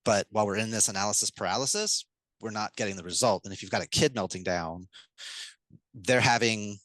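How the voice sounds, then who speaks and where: A man with a fairly low voice, talking as a podcast guest, quick and animated. He acts out parent lines to a child as he explains. The mic is close and dry, with no room sound. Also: no echo, poor audio. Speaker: guest speaker on parenting communication. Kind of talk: enthusiastic podcast interview.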